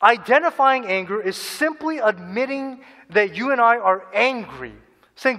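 An earnest pastor delivers a sermon in a high, bright, ringing voice, animated and at a moderate pace. He acts out people's inner voices and repeats key phrases for emphasis, while a long reverb trails behind him in a large hall.

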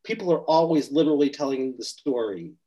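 A man with a husky, slightly breathy voice recounts a healing session in conversation. He explains each step earnestly and patiently. His pitch sits at a mid level for a man. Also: expressive, fairly quick, mellow, highs cut off. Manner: earnest, explanatory, acts out quoted speech. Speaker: spiritual healer or therapist.

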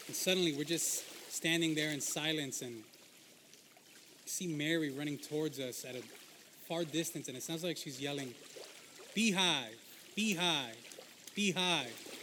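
A man playing the disciple Peter, an impulsive fisherman who talks loudly and emotionally. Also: fairly high pitch, unhurried, long pauses, a little hiss or hum. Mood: storytelling. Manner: excitable, loud, emotional storyteller. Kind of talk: Christian skit acting.

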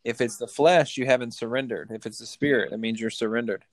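A man's voice: mid-range voice, fast, dry recording. A man, a pastor, explaining faith plainly and directly with rhetorical questions. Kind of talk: sermon-like explanation.

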